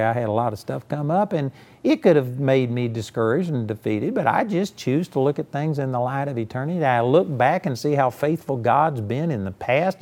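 Folksy and emphatic, this preacher leans on personal anecdotes to drive home his sermon, often dropping in "you know". His voice is mid-range with a darkish tone, and he keeps the delivery conversational.

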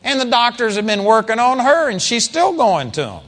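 A man preaching a sermon in an animated, conversational way, with sudden loud peaks. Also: very high voice, moderate pace, in a large hall.

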